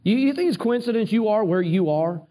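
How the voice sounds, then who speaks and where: A man's voice: high voice, animated, brisk, mellow. A man voicing an anxious, pleading older male cousin in a retold Bible story. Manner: urgent, pleading.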